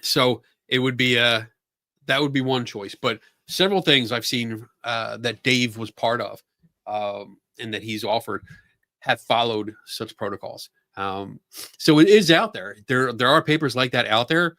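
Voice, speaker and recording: A man's voice: mid-range voice, measured pace, bright, forceful tone, no room sound, studio quality. A man with a Philadelphia accent and a stuffy nose hosts a casual livestream chat from a room at home. He rambles and halts, stumbling over restarts and laughing often. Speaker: podcast host.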